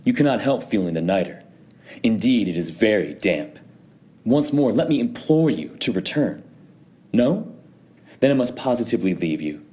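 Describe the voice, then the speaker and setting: Brief: cold, mock-courteous avenger for a storybook reading, mellow tone, read by a man. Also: deep voice, expressive. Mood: cold, silky. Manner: silky, mock-concerned, measured. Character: cold, scheming male nobleman plotting revenge. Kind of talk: dramatic audiobook reading.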